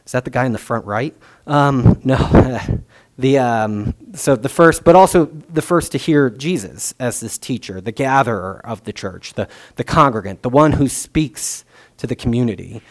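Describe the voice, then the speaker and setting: Young male pastor, mid-pitched, relaxed conversational sermon delivery, thinks aloud, lots of ums and restarts. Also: a little slow. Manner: casual, musing, many fillers and restarts.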